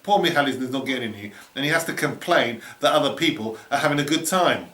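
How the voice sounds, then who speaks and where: A man's voice: mid-range voice, expressive, fast, sharp tone. Rambling man telling anecdotes. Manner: rambling, full of "you know" and restarts, chuckling. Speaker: storyteller recalling a trip. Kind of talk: casual anecdotal reminiscing. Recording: roomy echo with faint background noise.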